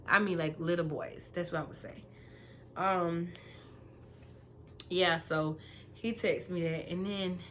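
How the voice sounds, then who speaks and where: A young woman, five months pregnant, telling a story in a blunt, profane, animated vlog rant that swings between loud outbursts and quiet asides. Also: lowish voice, slight background noise. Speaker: vlogger.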